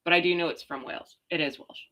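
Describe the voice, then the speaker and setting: Woman host, casual sarcastic rant, bright forceful tone, gossip stream. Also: fairly low pitch, fast. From Canada. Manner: sarcastic, ranting, animated. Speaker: royal gossip livestream host. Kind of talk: casual chat reading viewer comments.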